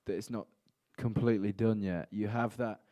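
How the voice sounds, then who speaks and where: A young man answering questions at a press conference, thoughtful and measured, his sentences trailing off softly. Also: lowish voice, steady tone, muffled recording.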